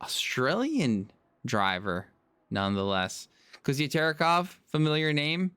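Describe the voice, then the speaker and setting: Unhurried, smooth-voiced male race commentator. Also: a little high, big pitch swings, sharp tone, no room sound. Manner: apologetic, self-deprecating, chatty. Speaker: sim racing commentator.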